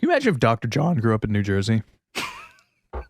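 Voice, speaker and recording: A man's voice: mid-range voice, huge pitch swings, brisk. A man co-hosting a podcast in casual chat, rambling and riffing with lots of "like" and some swearing. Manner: laughs at his own jokes. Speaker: podcast co-host.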